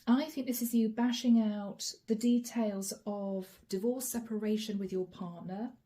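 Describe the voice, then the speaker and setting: A woman giving a channeled tarot reading straight to her viewers, chatty and friendly, slowing down to name each card. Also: medium pitch, mellow. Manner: chatty, addresses viewers directly, slows to name cards. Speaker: tarot reader.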